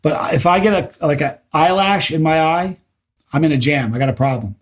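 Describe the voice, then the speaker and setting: As a guest on a podcast, a middle-aged man tells lively stories in a casual chat, sometimes stumbling on repeated words as he warms up. His voice is a little high and his pace is normal.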